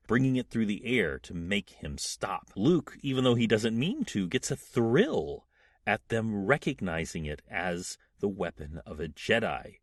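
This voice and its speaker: Male podcast host who retells stories, husky, with a voice that swings widely. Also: fairly low pitch, no echo, studio quality. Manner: animated storyteller, acts out quotes. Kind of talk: comic book retelling.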